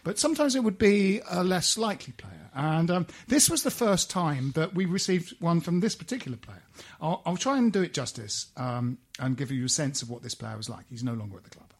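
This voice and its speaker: A man hosting a casual football podcast, with dry, wordy, deadpan wit. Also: a little high, fairly quick, slightly rough. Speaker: podcast host.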